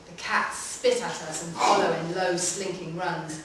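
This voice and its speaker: A woman giving a live, measured reading of a short story in a public library room. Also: fairly low pitch, fairly even intonation, heavy background noise. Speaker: reader. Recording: echoey hall from far off.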